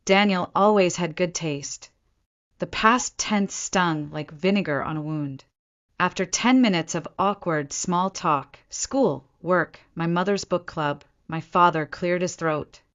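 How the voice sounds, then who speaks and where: Woman narrating a story, low voice. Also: a bit bright. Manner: measured, storytelling. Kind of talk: first-person story narration. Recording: dull lo-fi recording.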